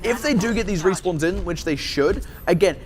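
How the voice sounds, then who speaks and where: A man casting a live esports match, playful and teasing, quick to argue a point. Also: high voice, animated. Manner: playful, teasing, argumentative banter. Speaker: esports caster.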